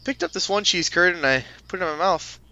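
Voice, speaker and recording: A young man guest on a podcast, telling stories in a laughing, animated way. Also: high-pitched, fast, highs cut off. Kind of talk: casual podcast storytelling.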